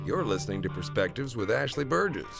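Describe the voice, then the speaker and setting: A man reading a short, gravelly announcer tag for a podcast. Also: mid-range voice, very animated, fast. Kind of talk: show announcer over music. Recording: announcer over loud guitar music. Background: loud plucked guitar music.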